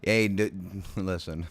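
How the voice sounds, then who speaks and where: A man's voice: low-pitched, steady tone, extremely slow, no echo. A man streaming a game late at night, sleepy and yawning, chatting casually with viewers in a rambling, hesitant way full of ums and restarts. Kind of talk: casual livestream chat with viewers.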